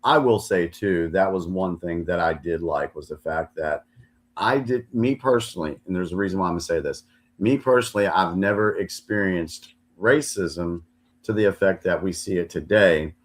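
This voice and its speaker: A man hosting a live open mic stream, talking in a deliberate way and restating his points. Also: low voice. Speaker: host.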